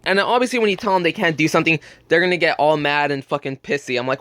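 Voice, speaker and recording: A man's voice: fairly high pitch, rapid-fire, few pauses, fairly bright tone, no room sound. A young man telling a blunt, profane story about work in a casual vlog. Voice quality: burping, just ate. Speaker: gaming channel host.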